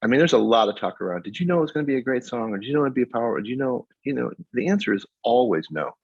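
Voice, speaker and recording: Speaking very fast in a husky, medium-pitched voice, a guest songwriter in his fifties animatedly tells stories in a casual interview, laughing often. The dull lo-fi audio has no echo.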